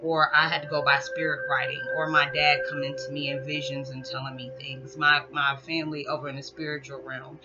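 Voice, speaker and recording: A woman's voice: rumbling low, level tone, brisk, few pauses. A woman vlogger rambling candidly about hard times, joking at herself and laughing often. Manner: rambling, self-deprecating humor with frequent laughs. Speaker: spiritual vlogger. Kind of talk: candid monologue. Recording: dull lo-fi with faint background music.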